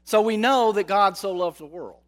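A man preaching a sermon, slow and dramatic, often asking his listeners rhetorical questions. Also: high voice, fairly bright tone.

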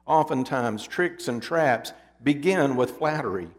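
A man preaching a sermon in a deliberate, emphatic storytelling manner, his endings dropping low. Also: lively intonation. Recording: long hall reverb.

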